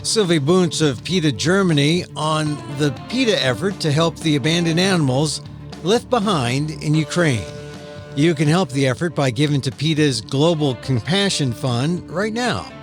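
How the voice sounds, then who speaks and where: A man in a fairly high register for a man, steadily reading a podcast outro as the host. A clear guitar music bed plays beneath his voice-over throughout. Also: normal speed. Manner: steady, read-aloud announcing. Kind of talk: scripted show outro.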